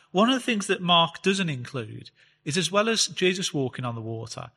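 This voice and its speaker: A man giving a chatty Bible teaching talk, reading scripture slowly and explaining it with fillers. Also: a little high, sharp tone. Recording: long reverb, hall-like space.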